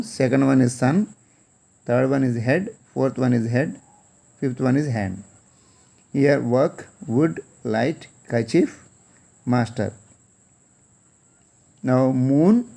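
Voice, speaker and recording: An Indian man teaches an English class in an Indian English accent, spelling out words letter by letter and repeating each one. His voice is medium-pitched, creaky, and mellow.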